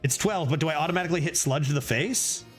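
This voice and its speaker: Guy streaming a card game, chatty and excitable, faint music under him. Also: fast. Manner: excitable, thinks aloud, sometimes drops to a low put-on voice. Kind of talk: casual gameplay commentary.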